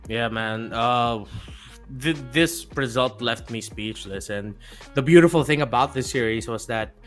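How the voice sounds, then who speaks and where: A man's voice: medium pitch, unhurried, a bit bright, faint music behind. A man, an esports caster, analyzing results and thinking aloud on a recap panel.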